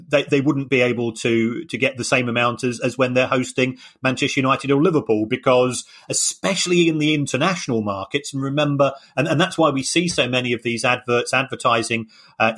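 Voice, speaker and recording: A man's voice: mid-range voice, fairly bright tone. Hesitant man explaining things. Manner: hesitant, many restarts, explanatory. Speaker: podcast co-host. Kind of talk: casual chat.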